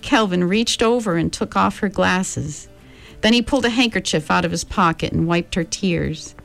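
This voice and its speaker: A woman reading a story aloud in a calm, measured narrating voice. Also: lowish voice, gravelly, faint music behind. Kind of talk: audiobook narration.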